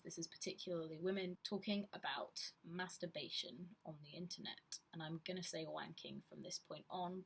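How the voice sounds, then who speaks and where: Frank woman vlogger, slightly breathy, lower register, reflective delivery. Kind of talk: candid personal vlog talk.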